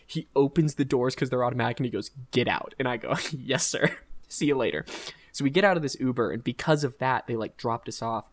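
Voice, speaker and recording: Young man telling a rambling story. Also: medium pitch. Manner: rambling, laughing, animated retelling. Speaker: podcast host. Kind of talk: casual storytelling chat.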